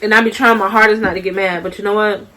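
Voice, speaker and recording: A woman's voice: medium pitch, fairly even intonation, pushed and bright. A young woman vlogger talking to her viewers in a sassy, drawling way, repeating herself for emphasis and calling them honey and baby. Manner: emphatic repetition, slows down to stress points. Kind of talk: casual vlog monologue.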